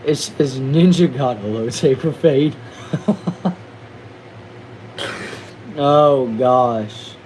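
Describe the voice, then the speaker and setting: A man's voice: mid-range voice, a little hiss or hum, rough recording. A young man with a Southern accent from Texas, casually reading viewers' comments on a livestream in a slangy, laid-back way, often stumbling over and repeating words. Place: back shed.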